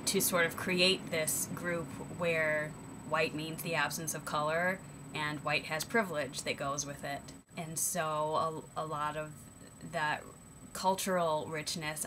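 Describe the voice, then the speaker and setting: Low-voiced, slow, thoughtful woman vlogger. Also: noisy background. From United States. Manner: thoughtful, hesitant, full of ums and self-corrections. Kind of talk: reflective personal vlog monologue.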